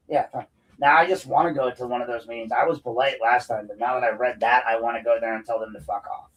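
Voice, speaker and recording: A man's voice: mid-range voice, fairly bright tone, distant mic, low-quality recording. A man hosting an unscripted solo show, ranting in a profane, combative, heated way. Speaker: podcast host.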